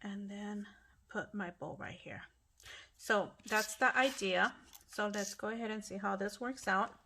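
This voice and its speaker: A woman's voice: medium pitch, measured pace, pushed and bright. A middle-aged woman hosting a casual craft tutorial at home, chatty and apologetic, often restarting her sentences. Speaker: craft channel host.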